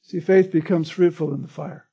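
A man's voice: fairly high pitch, steady tone, moderate pace, vocal fry, dark tone, slightly rough. A man preaching a sermon in an earnest, emphatic way, often checking in with "right?". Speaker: pastor.

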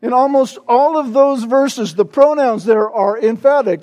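Very high-voiced male pastor preaching. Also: unhurried, hardly any pauses, darkish tone. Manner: peppers points with "right?" tag questions; emphatic preaching, stressing repeated words. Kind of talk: sermon.

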